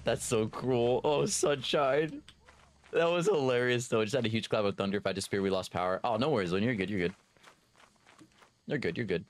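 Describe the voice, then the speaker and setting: A man with a Texan accent chatting excitedly while streaming a game and thanking viewers by name. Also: mid-range voice, a little fast. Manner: excitable, reads out viewer names and thanks them. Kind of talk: casual gaming stream chat.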